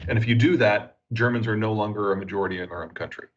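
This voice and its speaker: An American geopolitical analyst answers interview questions in a measured, analytical way, frequently saying "uh." His voice sits on the low side, and the highs are cut off.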